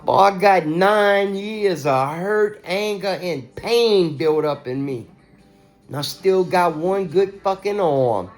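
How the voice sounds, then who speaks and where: A man's voice: high-pitched, animated, slow pace, soft background music. A man in an agitated, profane and repetitive rant, talking straight to his viewers. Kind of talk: ranting monologue to camera.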